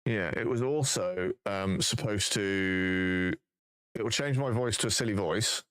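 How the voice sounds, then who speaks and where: Streamer dude fiddling with his setup, lowish voice, just chatting. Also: unhurried, a bit bright, clean tone. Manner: chatty, thinking aloud while fixing tech. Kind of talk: casual live-stream chat.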